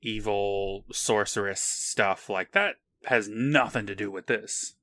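A man's voice: on the low side, takes it slowly, bright, forceful tone, no echo. A man co-hosting a podcast in casual chat, with a dry, wry humor. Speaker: podcast co-host.

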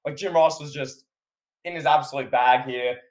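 A man's voice: medium pitch, moderate pace. A man co-hosting a podcast, recapping a wrestling match in casual chat and acting out the commentators' lines. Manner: animated, acts out commentators' lines. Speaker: podcast co-host.

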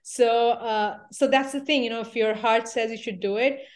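A woman from India speaks as a podcast guest in a fairly high voice. She talks earnestly in a relaxed conversation, dotting her sentences with "you know." She comes through over a remote call. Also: moderate pace. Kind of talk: casual interview conversation.

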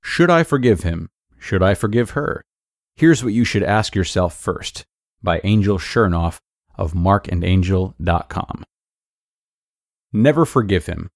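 A man hosting a podcast, calmly narrating a blog post in a measured way. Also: deep voice, no echo, studio quality. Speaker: host.

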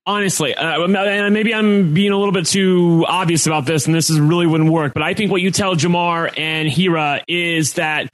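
A man with a notably high voice hosts a casual podcast chat. His sentences often lift upward at the end in upspeak. He keeps a loose, talky flow, peppered with "like". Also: fairly even intonation, moderate pace, few pauses, a bit bright, dry recording, poor audio. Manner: upspeak, rising at sentence ends; chatty, leans on filler "like". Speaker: podcast host.

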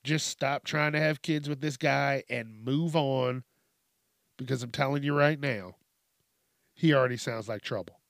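A man's voice: medium pitch, a little slow, gravelly, fairly bright tone, no echo, studio quality. A man hosting a comedic news commentary, ranting with lots of swearing and frequent laughter. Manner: profane, ranting, laughs often. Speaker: host.

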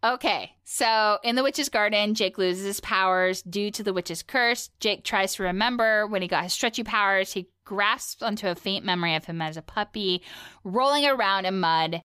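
A woman's voice: medium pitch, normal speed, sharp tone, clean tone, no room sound, clean studio sound. A woman co-hosting a podcast in casual chat, teasing and laughing easily as she quizzes her co-host. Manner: giggly, teasing quizmaster.

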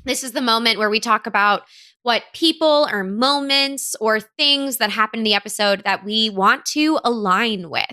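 A woman from the United States co-hosting a casual chat show, animated, laughing mid-sentence and acting out people. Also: a little high, normal speed. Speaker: podcast co-host.

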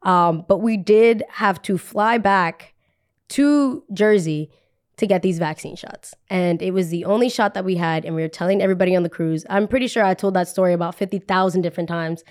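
Her voice runs lowish and fairly quick as this young adult podcast host shares something personal. The delivery is relaxed and conversational, full of "like" and repeated phrases meant to drive her points home.

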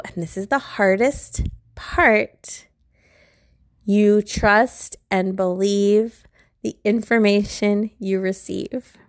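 A woman's voice: medium pitch, dry recording, clean studio sound. A woman hosting a podcast, teaching in a casual, chatty way with frequent fillers and light laughs. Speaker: podcast host and spiritual teacher.

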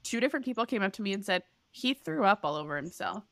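A woman in her thirties co-hosting a podcast, telling a story in casual chat and acting out the voices with big leaps in pitch. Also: expressive, quick pace, creaky, a bit bright, no echo. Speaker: podcast co-host.

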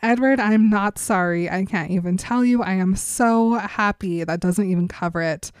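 A woman's voice: medium pitch, moderate pace, smooth, no room sound, studio quality, lightly acted. A woman voicing a giddy young woman pleading with her partner in a breezy, giggly way.

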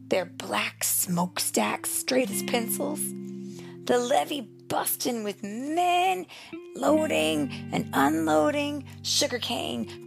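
A young mother reading a picture book aloud to her child, expressive and slow, sometimes dropping into a whisper. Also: high-pitched, gravelly. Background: soft guitar music.

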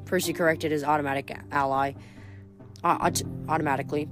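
A woman's voice: sits low, fast talker, soft background music. Woman reading a novel aloud. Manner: steady reading with some stumbles and self-corrections. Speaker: reader.

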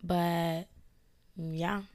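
A young woman hosting a casual podcast, hoarse from losing her voice to illness, rambling with lots of fillers. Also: on the low side, flat delivery, very slow, darkish tone, dry recording, clean studio sound. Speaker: podcast host. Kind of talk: casual chat. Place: indoors, filmed for a video podcast.

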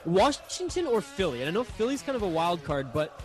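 A man telling stories in a casual podcast chat, animated and profane, often switching into other people's voices. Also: sits high, fairly quick, soft background music. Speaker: podcast guest, network host.

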